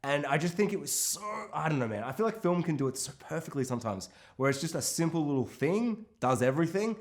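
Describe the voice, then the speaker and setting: A man talking through a film on a podcast with real animation. His voice sits a little high and swings widely in pitch. He swears casually and keeps breaking into character voices. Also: expressive, fast talker. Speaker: podcast co-host.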